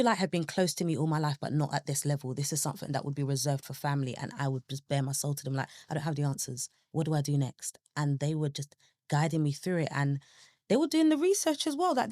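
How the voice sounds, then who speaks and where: Young woman, low pitch, candid guest who tells her story animatedly. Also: no echo, studio quality. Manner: animated, acts out her own past thoughts in quoted asides. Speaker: podcast guest.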